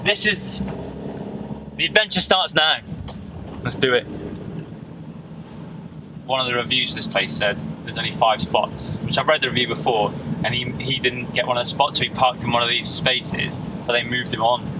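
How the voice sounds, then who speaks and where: A man's voice: mid-range voice, moderate pace, long pauses. A British man chatting casually to camera for his van life travel vlog. He is slangy and sweary and talks straight to his viewers from inside his camper van while driving. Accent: British English. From United Kingdom. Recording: clear road and vehicle noise behind the voice.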